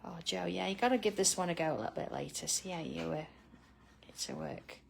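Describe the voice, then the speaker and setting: Gravelly chatty woman. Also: fairly low pitch, wildly swooping pitch, fairly quick, slight background noise. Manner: chatty, laughs often, answers viewers by name. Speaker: art tutorial host. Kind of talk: chatty live drawing tutorial.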